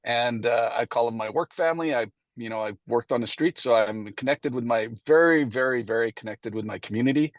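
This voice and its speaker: A man's voice: medium pitch, fairly quick, few pauses, dry recording. A middle-aged man gives a casual, anecdotal presentation at a meeting, acting out past conversations and using many fillers. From Canada. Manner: anecdotal, acts out past dialogue, frequent fillers.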